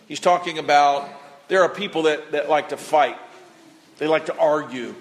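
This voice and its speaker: A man's voice: fairly high pitch, brisk, gravelly. A man preaching a sermon as pastor, talking in a folksy, conversational way and calling for responses from the congregation. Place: church sanctuary. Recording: long reverb of a church hall.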